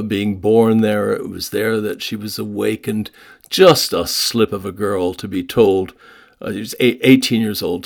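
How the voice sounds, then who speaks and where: A man who guides walking tours, giving a short evening talk, speaking haltingly with many uhs and restarts and spelling words out. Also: fairly low pitch, vocal fry, a little mellow. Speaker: London walking tour guide. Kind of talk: short nightly talk on place names.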